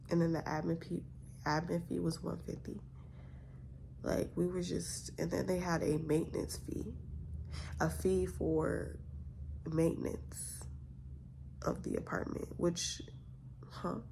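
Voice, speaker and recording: A woman's voice: on the low side, gravelly, darkish tone, a little hiss or hum. A young woman vlogger telling a story in a casual, exasperated way, full of rhetorical questions.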